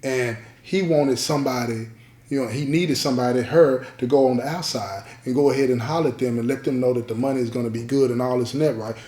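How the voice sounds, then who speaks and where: A man's voice: mid-range voice, fast, dark tone, roomy sound. A man hosting a podcast, telling a story in a casual way, repeating key lines and checking in with his listeners.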